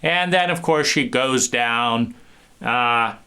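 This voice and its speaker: A man giving an animated talk, acting out small scenes and restarting phrases often. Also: mid-range voice, takes it slowly, smooth. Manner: animated, acts out little scenes with many restarts. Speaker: speaker. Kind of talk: lecture.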